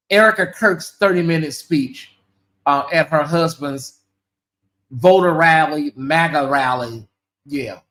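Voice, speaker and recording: A woman hosting her own commentary channel, talking to viewers in an animated, emphatic and sarcastic way. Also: on the low side.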